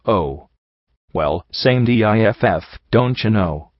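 A man reading a storybook voices a lanky, slow-witted colt who talks in a lazy drawl. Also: lowish voice, lively intonation, dry recording. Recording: dull lo-fi recording.

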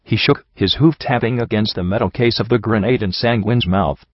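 A man narrating a first-person story in a steady, even reading voice. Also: fairly low pitch, moderate pace, hardly any pauses, dry recording. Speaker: audiobook narrator. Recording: dry, slightly dull home recording.

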